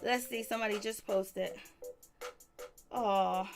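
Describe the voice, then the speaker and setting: A woman's voice: mid-range voice, fairly even intonation, slow pace, vocal fry, music in the background. A woman hosting a casual live stream, sassy and sarcastic, greeting viewers by name as she gossips about a reality show.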